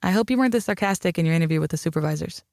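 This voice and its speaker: A man voicing a powerful, guarded older father with a dry, measured manner in an audiobook. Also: fairly high pitch, gravelly, darkish tone, no echo.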